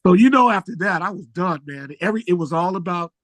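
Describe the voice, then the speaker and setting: A man who is a musician guest, telling stories in a relaxed, slangy way and jumping high in pitch when excited. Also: fast talker, no room sound. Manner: animated storyteller, jumps high when excited. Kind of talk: casual storytelling interview.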